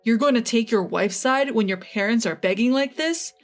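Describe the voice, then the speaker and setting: A woman's voice: a little high, moderate pace, soft background music, close to an everyday voice. A woman voicing a desperate, hot-tempered older father-in-law who begs and blusters in a storytelling narration. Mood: furious. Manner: pleading then blustering.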